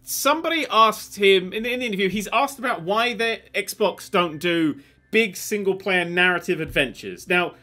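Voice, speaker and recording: A man's voice: high-pitched, normal speed, sharp tone. A young man hosting a casual gaming news chat, sweary and prone to ranting. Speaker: host.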